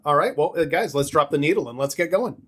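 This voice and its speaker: A man's voice: a little high, expressive, quick pace, noisy background. A man co-hosting a podcast, chatty and joking in casual talk. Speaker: podcast co-host. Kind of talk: casual chat.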